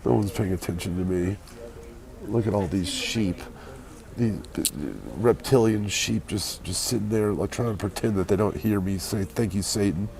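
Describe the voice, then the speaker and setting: A hungover man chatting casually with his live-stream viewers from an airport, keeping his voice quiet and low. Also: fairly even intonation, normal speed, creaky. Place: airport waiting area.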